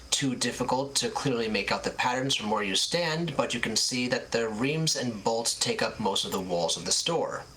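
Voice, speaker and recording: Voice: medium pitch, fairly bright tone, slight background noise. A game master narrating a tabletop game, describing a scene at length with frequent restarts.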